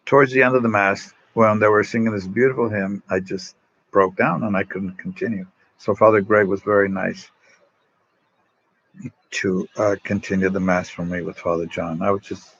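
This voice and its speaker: Husky older priest telling rambling stories. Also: male voice, on the low side, lo-fi sound. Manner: rambling, warm anecdotes with frequent restarts. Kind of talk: casual storytelling to an online audience.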